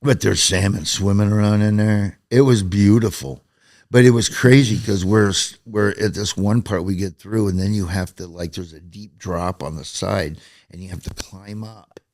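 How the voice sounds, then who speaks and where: Animated man telling a story. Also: lowish voice, moderate pace, no echo, studio quality. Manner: animated, swears casually. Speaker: TV show host telling a story as a guest. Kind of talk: casual storytelling chat.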